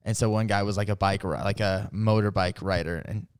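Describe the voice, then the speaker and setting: Smooth-voiced man in rambling podcast chat. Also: lowish voice, fairly even intonation, a little fast, no room sound, clean studio sound. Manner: rambling, filler-heavy, laughs while retelling stories. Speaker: podcast guest.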